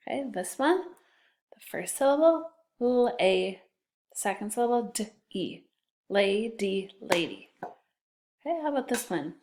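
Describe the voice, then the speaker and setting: Slow, patient woman teaching second graders. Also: medium pitch, background noise. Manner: slow, patient, sounds words out letter by letter. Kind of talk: recorded classroom phonics lesson.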